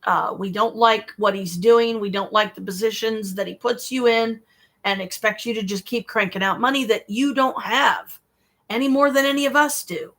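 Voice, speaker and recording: A woman's voice: fairly high pitch, steady tone, normal speed, a bit bright. Exasperated woman rambling on a livestream. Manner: rambling, exasperated and blunt, swears freely; speaks to one viewer directly. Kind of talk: casual livestream monologue.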